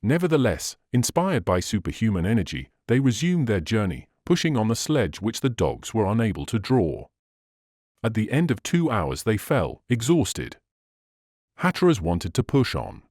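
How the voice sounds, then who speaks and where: Man reading an old adventure book, lowish voice, swoops a lot, dry close sound. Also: no echo. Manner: expressive, measured reading. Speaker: audiobook narrator. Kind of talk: scripted narration.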